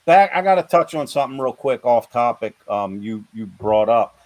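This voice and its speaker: A man's voice: medium pitch, lively intonation, moderate pace, no room sound. Chatty man hosting a podcast. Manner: chatty, frequent fillers and affirmations. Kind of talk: casual podcast chat.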